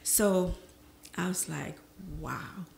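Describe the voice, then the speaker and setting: A middle-aged woman recounting her life story before an audience, slipping into the voices of the people in her memories. Her voice has a gravelly edge, and the room around her rings with echo. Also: lowish voice, extremely slow. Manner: lively storyteller who acts out remembered conversations. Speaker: panel speaker sharing her life history. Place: presentation room.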